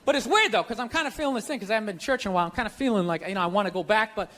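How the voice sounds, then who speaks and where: A man doing a stand-up comedy set on a large stage, ranting sarcastically with lots of swearing and punchy, animated delivery. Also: high-pitched, racing, a little hiss or hum. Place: large stage before a live audience. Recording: live show, loud crowd laughter.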